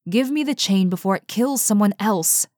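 A woman reading aloud, voicing an impatient, gruff man who speaks in a curt, scornful, demanding way. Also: mid-range voice, animated, moderate pace, a little mellow, no room sound, clean studio sound, natural voice.

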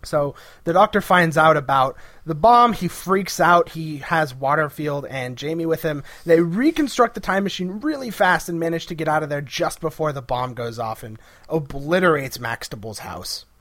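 A man's voice: fairly high pitch, normal speed, hardly any pauses, no echo. A man co-hosting a podcast, chatting casually and jokingly acting out characters' lines. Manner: animated, jokey, acts out voices. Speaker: podcast co-host.

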